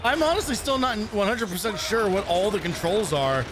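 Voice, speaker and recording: A man's voice: sits high, big pitch swings, a little fast. A man streaming a retro game and rambling through casual commentary, swearing and laughing often.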